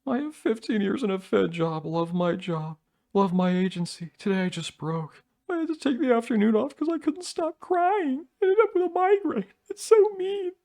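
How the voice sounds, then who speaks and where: A man voicing a tearful, anxious federal office worker in a mocking, self-pitying falsetto. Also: animated, normal speed, a little mellow. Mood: weepy.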